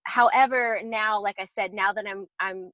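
A woman's voice: medium pitch, fairly even intonation, moderate pace, bright, forceful tone, dry recording, low-quality recording. Woman, designer type, casual explainer with lots of ums and restarts; dry close sound. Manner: chatty, explanatory, many fillers and restarts. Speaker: interior designer. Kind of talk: casual podcast interview.

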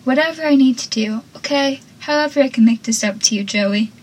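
A laid-back, apologetic teenage boy, read aloud by a young woman quoting a scene. The lines come out plain and unhurried, in a soft, breathy, higher voice. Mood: earnest. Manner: reading quoted lines aloud.

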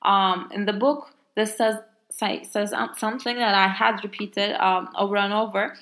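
A woman with a Turkish accent, native in Turkish, explains grammar at a moderate pace in a mid-range, slightly bright voice with fairly even intonation. The lesson is casual, sprinkled with fillers and exaggerated example words.

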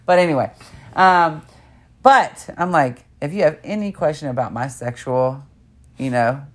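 A woman telling a frank, profane story in casual chat, quoting others in animated voices and laughing often. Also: sits low, measured pace.

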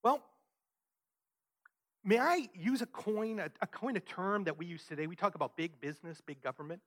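A man's voice: sits high, moderate pace, a bit bright. A man preaching a sermon, emphatic and conversational, often asking his listeners "right?". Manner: emphatic, rhetorical questions, frequent "right?". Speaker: pastor.

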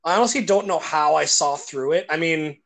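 Bright-voiced man in his forties. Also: fairly high pitch, brisk, creaky. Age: 40s. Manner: loose, profane, filler-heavy. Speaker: host. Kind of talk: casual conversation.

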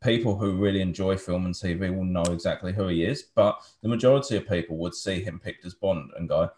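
A man's voice: sits low, fairly quick, hardly any pauses, darkish tone. A man chatting casually, who rambles and hedges his points with "like". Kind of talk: casual chat.

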